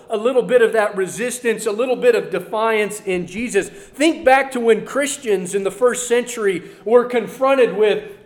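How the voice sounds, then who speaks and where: A man preaching a Sunday lesson, earnest, moving between loud emphasis and quiet asides. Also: high voice, roomy sound. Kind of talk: sermon.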